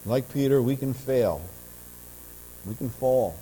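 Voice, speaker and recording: Male pastor, mellow tone, impassioned sermon delivery, church hall reverb. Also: mid-range voice, slow. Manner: earnest preaching, swelling louder in passionate runs. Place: church sanctuary. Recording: church audio with long reverb and mains hum.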